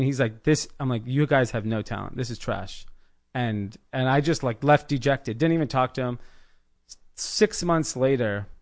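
A man in his thirties from the Los Angeles area, a podcast guest telling his business story in a casual, animated way, acting out the people he quotes. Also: medium pitch. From United States, Los Angeles area. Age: 30s. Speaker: podcast guest, clothing brand founder.

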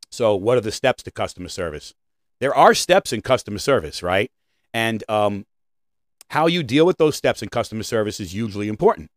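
A man who trains retail staff in leadership, giving an opinionated podcast talk and checking in with "right?" and "okay?" as he goes. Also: dry recording. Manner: emphatic, with frequent "right?" and "okay?" check-ins; swings between loud high stresses and low quiet asides.

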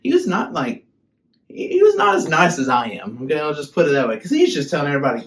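A young man giving a casual, humorous sermon as a youth pastor, chatty and animated. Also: on the high side, fast talker.

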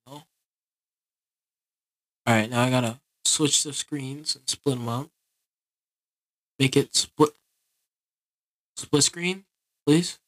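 A man's voice: mid-range voice, steady tone, unhurried, long pauses, a bit bright. A man giving casual gaming commentary, grumbling and complaining in an exasperated way. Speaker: gaming video creator.

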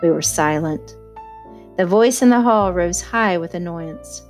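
A woman reading a novel aloud in first-person narration, measured and even. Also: lowish voice, faint music behind. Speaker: audiobook reader.

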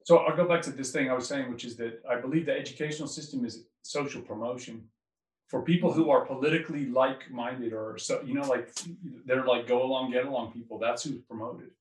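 Man, doctor, mid-pitched, rambling conversational delivery, echoey and off-mic. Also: fairly even intonation, brisk, recorded from a distance. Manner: rambling, restarts often. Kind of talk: casual political conversation.

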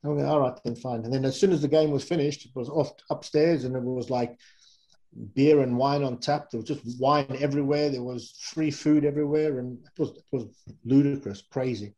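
A middle-aged man from England, a former rugby player, telling relaxed, rambling anecdotes as an interview guest. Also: medium pitch, a little fast, poor audio. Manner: relaxed, rambling, with fillers and self-corrections. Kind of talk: casual anecdotal storytelling.

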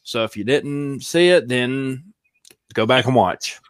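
A man's voice: medium pitch, takes it slowly, no room sound, clean studio sound. A man co-hosting a casual podcast, talking in an easygoing way and chuckling often. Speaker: podcast co-host and show producer.

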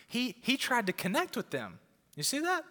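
A man's voice: extremely high pitch, huge pitch swings, measured pace, pushed and bright. A male pastor preaching a fired-up sermon to a crowd in a church auditorium, often repeating words for emphasis. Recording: long hall reverb.

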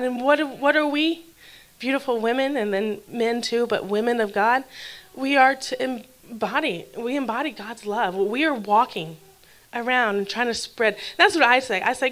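A woman preaching a heartfelt, conversational sermon at a church service, dropping to quiet breathy asides. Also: a little high, brisk. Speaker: guest speaker at a church service.

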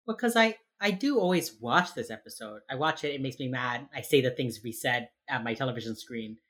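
A woman's voice: rumbling low, animated, brisk, fairly bright tone. A woman co-hosting a podcast, recapping an episode in casual chat, saying "like" often and acting out characters' lines. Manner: rambling recap with lots of "like", acts out characters. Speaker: podcast co-host.

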